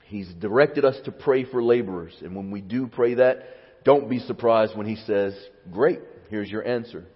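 A man preaching a sermon in a church, moving between quiet teaching and fervent, emotional pleas. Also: fairly low pitch, normal speed, husky. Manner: builds to fervent, rising pleas, then drops to quiet teaching. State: near tears. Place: church sanctuary. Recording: dull sound with long hall reverb.

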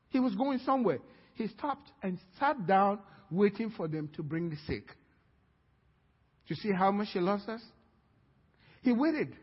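A man preaching a sermon as pastor, telling the story in a lively way and acting out scenes in different voices. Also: very high-pitched, husky. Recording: reverberant hall, dull sound.

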